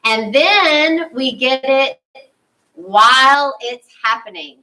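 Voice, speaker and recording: A woman's voice: high voice, lively intonation, slow pace, bright, forceful tone. A woman, a spiritual leader, giving a conversational sermon and acting out her own inner thoughts, heard from a distance.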